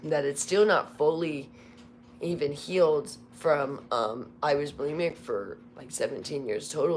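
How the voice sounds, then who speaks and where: A hoarse woman hosting a casual live stream, talking in a candid, rambling, confessional way. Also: deep voice, measured pace, a little hiss or hum. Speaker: livestream host. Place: Las Vegas home.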